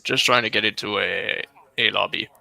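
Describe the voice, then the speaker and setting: A man in his twenties, a guest gaming on a casual call, halting and terse. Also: fairly low pitch, gravelly, pushed and bright. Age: 20s. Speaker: guest gamer. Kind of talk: casual chat while gaming.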